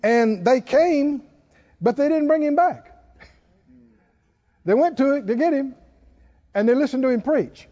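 A man's voice: extremely high pitch, lively intonation, a little slow, long pauses, mellow. A man preaching a sermon, chuckling often and building to emphatic calls to his listeners. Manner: preaching with laughs and rising exhortation. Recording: dull sound in a reverberant hall.

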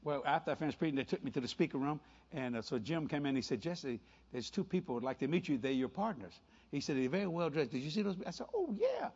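With a slightly high, husky voice, an older man preaches a sermon full of playful stories, laughing and slipping into quick character voices. The audio is dull and lo-fi.

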